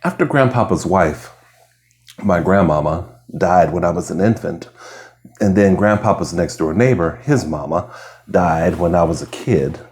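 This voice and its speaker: A man with a very low voice reads essays aloud for ASMR listeners. His delivery is slow and hushed, drifting into whispers at times, on a plain lo-fi recording. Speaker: reader. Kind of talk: soft ASMR reading of essays. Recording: lo-fi home recording.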